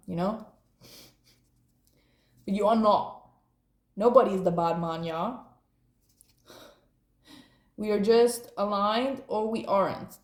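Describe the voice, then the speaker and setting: A woman gives a rambling, playful card reading at an unhurried pace. Her voice is low-set and mellow, and she laughs often. It was recorded in an echoey room. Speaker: tarot card reader. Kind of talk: casual spoken card reading.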